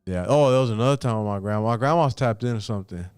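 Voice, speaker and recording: A man's voice: mid-range voice, racing, darkish tone, clean tone, no echo. A man casually telling a personal story on a podcast, loose and profane, acting out what his relatives said.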